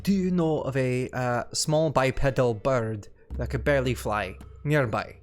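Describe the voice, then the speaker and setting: A tabletop game player with a chatty, amused and halting manner. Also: medium pitch, soft background music. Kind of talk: casual tabletop play.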